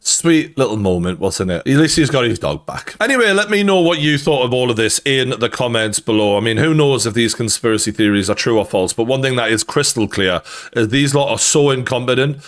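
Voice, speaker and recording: A man's voice: mid-range voice, animated, brisk. A man with a Geordie accent giving blunt, sweary and sardonic commentary on news clips. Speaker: YouTube commentator.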